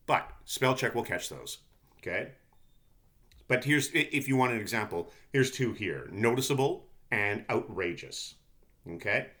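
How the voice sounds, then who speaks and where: A man's voice: fairly low pitch, fairly bright tone. A male lecturer giving a conversational recorded lesson, often checking in with "okay?" and restarting his sentences.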